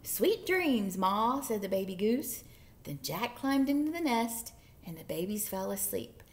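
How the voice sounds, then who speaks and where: A woman librarian reading picture books aloud for story time, playful and animated with whispered asides. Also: medium pitch, normal speed. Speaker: children's librarian.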